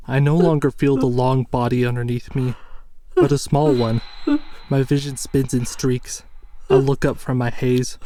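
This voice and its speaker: A man reading a first-person horror story as scripted narration, measured and tense. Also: mid-range voice, mellow, dry recording.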